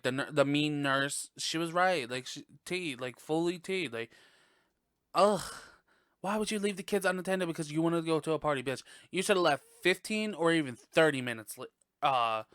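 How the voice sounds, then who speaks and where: A man hosting a podcast and reviewing a movie in casual chat, blunt, profane and gossipy, with sudden high exclamations. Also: a bit bright, smooth, no room sound, clean studio sound. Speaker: podcast host.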